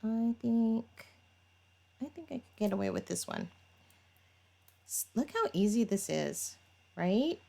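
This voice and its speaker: A woman talks through a manicure at an unhurried, easy pace. She is chatty and explains each step as she works. Now and then she laughs at her own fumbles. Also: on the high side, sing-song, creaky, mellow. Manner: chatty, talks while working, laughs at herself. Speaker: nail tutorial vlogger. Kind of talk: casual step-by-step demonstration.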